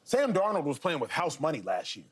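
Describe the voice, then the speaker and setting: A man argues on a sports debate panel, pressing his case and circling back to hammer it home. His voice sits a little high for a man. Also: huge pitch swings, a little fast, breathy edge. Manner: emphatic, argumentative, repeats points.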